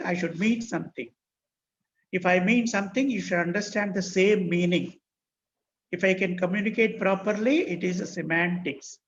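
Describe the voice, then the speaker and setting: A man's voice: high voice, creaky, a bit bright. A man with an Indian English accent teaching an online English class, spelling terms out letter by letter and repeating key phrases. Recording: dull lo-fi online call with faint noise.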